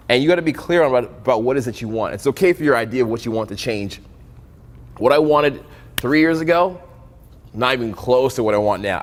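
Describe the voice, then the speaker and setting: Profane, animated male dating coach. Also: mid-range voice, big-room sound. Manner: profane, animated, acts out both sides of conversations. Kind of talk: casual storytelling talk.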